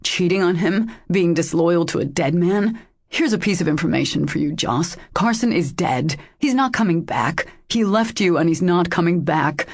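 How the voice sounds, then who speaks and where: A woman's voice: on the low side, animated, moderate pace. A woman voicing a jealous, angry lover who speaks harshly and coldly, in an audiobook. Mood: harsh, bitter. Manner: harsh, cold, cutting.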